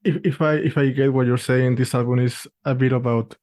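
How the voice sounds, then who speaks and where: A man's voice: mid-range voice, fairly even intonation, a little fast, darkish tone, dry recording, clean studio sound. A man interviewing a musician, summing up answers tentatively and rephrasing as he goes. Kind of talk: casual interview questions.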